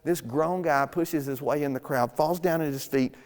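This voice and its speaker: A man's voice: on the high side, moderate pace. A man preaching a sermon as pastor, retelling scenes casually and acting out the characters' lines. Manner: casual storytelling with acted-out quotes. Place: church sanctuary. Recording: long hall reverb.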